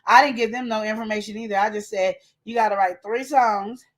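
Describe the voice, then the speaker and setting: A woman co-hosting a relationship talk show, telling stories in a lively way and acting out quotes and sound effects. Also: medium pitch, a little fast. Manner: animated storytelling, acts out quotes and sound effects. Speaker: podcast co-host. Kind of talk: casual chat.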